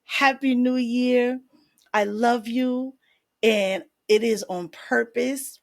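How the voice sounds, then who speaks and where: A woman's voice: a little high, fairly even intonation, slow pace, creaky. A woman life coach hosting her own podcast, speaking faith-based encouragement and affirmations straight to her listeners.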